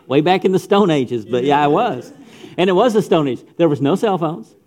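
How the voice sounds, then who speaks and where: Delivering a youth sermon, a middle-aged pastor repeats phrases emphatically and talks straight to his audience. His slightly high voice is animated and darkish in tone, at a normal speed.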